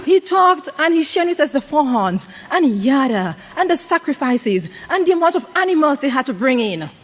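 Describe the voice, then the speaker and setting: A woman preaches to her congregation in a high, bright voice. She keeps putting questions to them and asking for answers. Her pitch rises and falls widely for emphasis. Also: very animated, moderate pace. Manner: call-and-response questions to the congregation. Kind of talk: sermon to a congregation.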